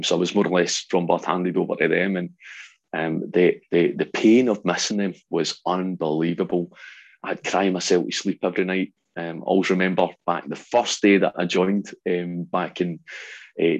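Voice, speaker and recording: Deep gravelly glasgow guy, 40s, husky, chatty storyteller, lots of ums. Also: normal speed, muffled recording. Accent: Glaswegian Scottish. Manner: animated storyteller, acts out quotes, frequent ums. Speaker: guest, ex-soldier. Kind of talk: storytelling in an interview.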